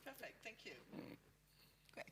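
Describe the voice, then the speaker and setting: A woman's voice: measured pace, pushed and bright. A woman from Germany with a German accent, telling an informal story at a whisky event, laughing often. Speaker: guest speaker at a whisky event. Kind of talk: informal presentation.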